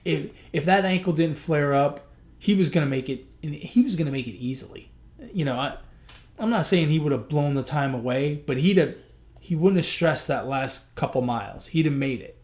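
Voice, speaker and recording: A man's voice: on the high side, moderate pace, darkish tone. Earnest man telling a personal story. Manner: earnest, emotional, repeats phrases. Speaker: podcast host.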